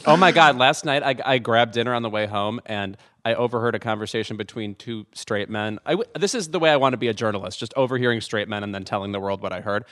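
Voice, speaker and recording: A man's voice: lowish voice, quick pace, few pauses, a bit bright. Man, panelist, casual chat, wry, acts out what others said. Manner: wry storytelling, acts out quotes.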